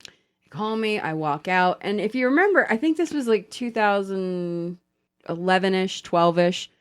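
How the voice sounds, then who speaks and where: A woman hosting a chatty podcast, telling stories in a lively voice that rises and falls a lot. Her pitch sits in a middle range. She swears freely and keeps the talk loose and casual. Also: a little slow, clean tone. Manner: animated, profane storytelling. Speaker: podcast host. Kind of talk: casual chat.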